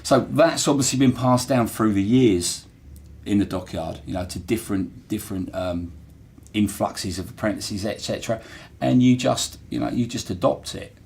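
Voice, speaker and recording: This interviewee's fairly low voice is creaky, husky and a little mellow, moving at normal speed with hardly any pauses. A middle-aged man from Portsmouth, England, and once a dockyard worker, he talks with a local accent. Earnest and reflective in casual interview talk, he often uses fillers and starts over.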